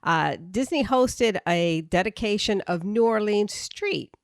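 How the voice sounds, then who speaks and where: A woman's voice: mid-range voice, expressive, measured pace, no room sound, clean studio sound. A woman with a slight Boston accent, co-hosting a podcast and chatting through her research with plenty of fillers and restarts. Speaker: podcast co-host presenting research. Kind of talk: casual podcast chat.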